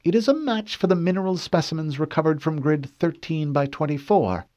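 A man's voice: on the high side, expressive, fairly quick, a little mellow, voice pushed up, lightly acted. A man voicing a stern female officer who questions a soldier in a clipped, precise way. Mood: probing. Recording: dull dry studio read.

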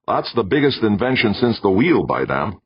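A gruff, blunt Irishman, voiced by a man with a rumbling Irish accent and a husky edge. The recording is dull and dry. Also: big pitch swings, moderate pace, dry recording, heavily acted.

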